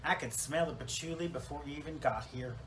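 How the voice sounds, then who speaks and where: A man's voice: on the high side, a little fast, fairly bright tone, a little hiss or hum, close to an everyday voice, low-quality recording. A man voicing a chatty, self-absorbed woman salon owner newly dead in heaven, rambling with fillers and restarts in a comic church monologue. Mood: wry rambling. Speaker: preacher in character.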